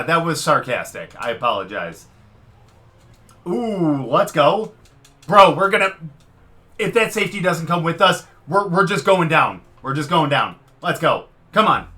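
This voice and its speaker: A man giving live commentary over his own football video game, swinging from muttered frustration to loud excitement. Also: high voice, unhurried, soft background music. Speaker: gaming commentator.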